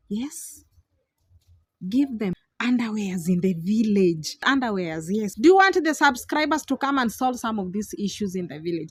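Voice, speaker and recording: A woman's voice: medium pitch, unhurried, husky, dry recording. Dry-sounding woman vlogging. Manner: animated, laughs often, repeats herself. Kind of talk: casual vlog commentary. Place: outdoors in a village.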